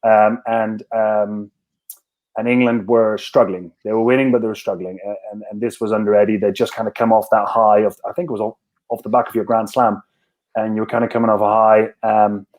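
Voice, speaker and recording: A man's voice: fairly low pitch, little pitch movement, fairly quick, darkish tone. A man who played rugby, telling a long story in a casual podcast chat, rambling and self-mocking with lots of restarts. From Scotland. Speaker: podcast guest, former rugby winger.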